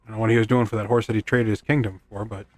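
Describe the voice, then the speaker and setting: A man streams a video game, rambling through casual commentary, cracking self-deprecating jokes and talking to his in-game horse. His voice sits on the low side with a darkish tone, and he races along in a flat delivery. The recording is dry.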